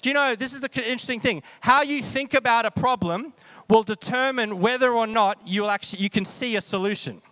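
A man's voice: very high voice, brisk, sharp tone, no echo. A man preaching a sermon in a conversational way, often checking in with the audience. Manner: conversational, asks the audience questions. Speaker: pastor.

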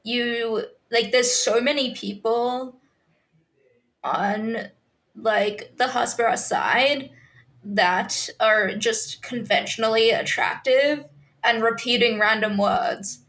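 Slow-talking young woman, blunt and agreeable. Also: a little high, fairly bright tone. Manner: blunt, frequent agreeing backchannels, swearing. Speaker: podcast co-host. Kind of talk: casual chat.

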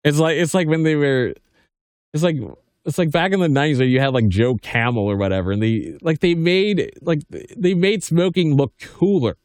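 A man's voice: a little high, normal speed, darkish tone, no room sound, clean studio sound. A man in his thirties hosting a podcast, reading news aloud and breaking off into casual commentary full of restarts and "like". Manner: rambling, stammering restarts, heavy use of "like". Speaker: podcast host.

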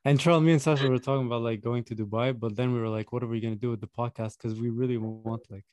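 A man's voice: medium pitch, steady tone, rapid-fire, darkish tone, no echo, clean studio sound. A young man co-hosting a podcast, laid-back and blunt, swearing casually. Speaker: podcast co-host. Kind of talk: casual chat.

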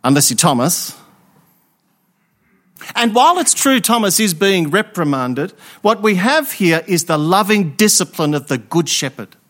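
A man's voice: high-pitched, expressive, unhurried, a bit bright. A man preaching an Easter Sunday sermon, emphatic and fond of rhetorical questions.

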